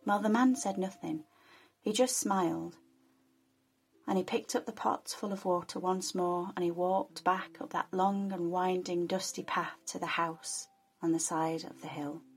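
A woman telling a folk tale in a soft, soothing, relaxing way. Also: fairly low pitch, fairly even intonation, a little slow, breathy edge. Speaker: storyteller. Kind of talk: relaxing storytelling.

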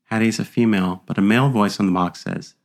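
Gravelly dude on a podcast, chatty, does all the voices when he retells stuff. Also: on the low side, quick pace. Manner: animated, acts out quoted voices. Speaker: podcast host. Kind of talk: casual storytelling chat.

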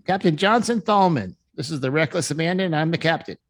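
A man's voice: a little high, lively intonation, fairly quick, no room sound, studio quality, voice pushed up. A man voicing a self-important ship captain who announces himself formally. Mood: proud.

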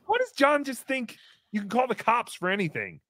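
A man hosting a casual live show, excitably chatting and reading out viewer messages. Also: very high voice, a little fast, dry recording, clean studio sound. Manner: excitable, reads out paid messages. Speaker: show host.

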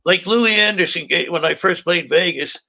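A man's voice: high-pitched, normal speed, creaky, pushed and bright. An older man, a stand-up comedian, telling profane rambling stories from his career in casual chat. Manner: profane, rambling anecdotes with quoted voices.

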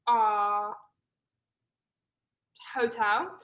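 A young British woman co-hosting a podcast in casual chat, animated, laughing often and acting out quotes. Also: mid-range voice, extremely slow, dull audio. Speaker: podcast co-host.

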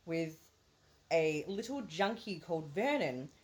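A woman's voice: sits low, animated, measured pace, a little mellow. A woman co-hosting a movie review podcast, recapping a film in casual chat, swearing freely and laughing often. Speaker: podcast co-host.

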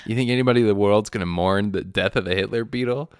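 A man's voice: fairly low pitch, fast, clear, resonant tone, no echo, studio quality. A man co-hosting a podcast, making sardonic jokes in casual chat. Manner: sardonic, joking asides. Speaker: podcast co-host.

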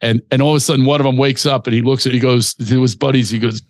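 An older male comedian, a guest on a podcast, telling animated stories in casual chat. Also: mid-range voice, fast talker, dry recording. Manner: animated storyteller who acts out voices.

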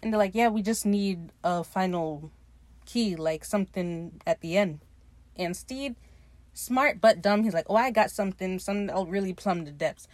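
A woman hosting a casual podcast, retelling a TV episode with quick mimicked quotes and chatty asides. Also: medium pitch, darkish tone, dry recording. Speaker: podcast host recapping a show. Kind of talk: casual chat.

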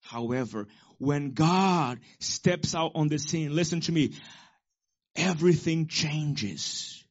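A man in his forties preaches a sermon, his voice sitting a touch higher than most men's. He drives his points home with loud, emphatic bursts, then drops to quiet, personal asides. The recording sounds dull and lo-fi. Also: takes it slowly. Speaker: pastor.

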